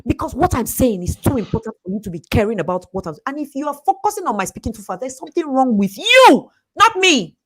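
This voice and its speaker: A woman giving a fast, emphatic motivational talk, laughing often. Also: high voice, big pitch swings, fairly bright tone, breathy edge. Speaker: speaker and coach.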